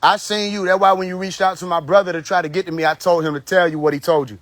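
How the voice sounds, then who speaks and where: A man with a somewhat high voice holds forth on a phone livestream. He rambles, swears freely and talks bluntly, loosened up and a little tipsy. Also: fairly even intonation, fast, a bit bright, no room sound. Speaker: live stream host. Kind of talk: casual live stream monologue.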